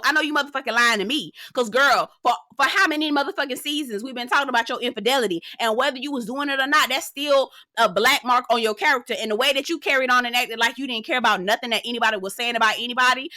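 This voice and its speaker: A young adult woman reviewing a reality TV episode in a sassy, profane, animated recap, often breaking into laughter. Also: fairly high pitch, no room sound, studio quality. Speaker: TV show reviewer.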